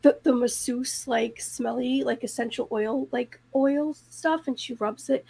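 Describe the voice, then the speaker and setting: Female co-host, casual chat, high voice with gravelly fry, giggly. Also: fairly even intonation, measured pace, mellow. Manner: giggly, self-deprecating, stumbles over words.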